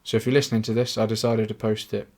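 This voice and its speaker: A man's voice: fairly low pitch, flat delivery, quick pace, a little mellow. A young man with an English accent, talking in a rambling, self-mocking solo monologue with plenty of swearing. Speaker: podcaster. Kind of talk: casual monologue.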